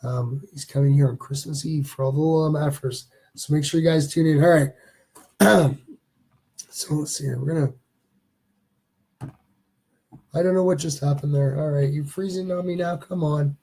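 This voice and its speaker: A man with a husky, mellow voice pitched a little high hosts a live stream from his home studio. He rambles in a chatty way and reads viewers' comments aloud between his own remarks. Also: fairly even intonation, normal speed, pauses often. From Canada. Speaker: host of a live stream show. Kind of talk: casual live-stream chat.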